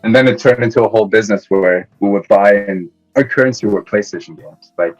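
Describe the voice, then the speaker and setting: A young man from Iran chats easily as a podcast guest. His voice sits fairly low, and he laughs now and then. The audio is a little dull, with faint music underneath. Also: fairly quick, hardly any pauses. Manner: relaxed storyteller, laughs often. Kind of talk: casual interview chat.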